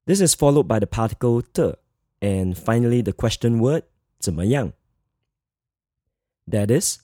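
A man teaches a scripted grammar lesson with a mellow, warm tone. His pitch moves a lot as he explains, and he slows down to repeat the example phrases. The sound is dry and close, with no room echo. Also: animated. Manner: measured, slow model phrases with repeats. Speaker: Mandarin teacher.

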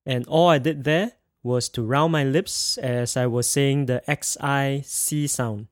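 A man's voice: mid-range voice, steady tone, unhurried, studio quality. A man teaching a pinyin pronunciation lesson, speaking carefully and repeating sounds for students to echo. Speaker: language teacher.

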